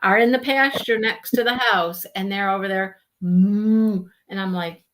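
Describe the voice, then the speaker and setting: A woman hosting a casual live stream, chatting with viewers and telling stories in an animated way. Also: mid-range voice, normal speed, a little hiss or hum. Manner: chatty, animated storytelling, greets viewers by name. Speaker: livestream host.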